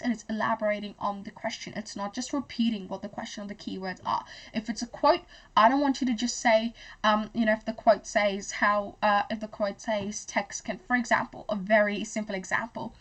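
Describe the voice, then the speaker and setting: A young Australian woman tutoring high-school English, chatty and full of fillers and self-corrections. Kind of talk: explanatory tutoring lesson.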